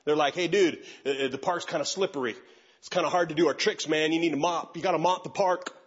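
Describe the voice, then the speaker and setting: A man's voice: on the high side, quick pace, breathy edge, lo-fi sound. An older man preaching a sermon, telling a personal story and acting out the voices of the people in it. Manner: animated storytelling, acts out voices of others. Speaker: pastor.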